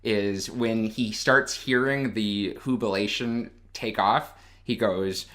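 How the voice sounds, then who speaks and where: A man co-hosting a casual podcast chat, laughing often and talking in an animated way. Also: on the low side, slow. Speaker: podcast co-host.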